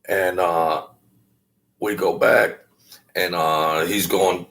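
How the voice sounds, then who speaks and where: Gravelly low-voiced man telling a story. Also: fairly even intonation, a bit bright. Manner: halting, many fillers and restarts, acts out quoted voices. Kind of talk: casual storytelling.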